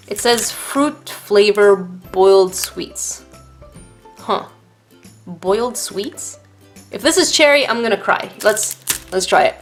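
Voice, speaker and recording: A woman's voice: mid-range voice, slow, soft background music. A woman vlogger chatting casually to viewers while unboxing art supplies at her desk, gasping and exclaiming over each item.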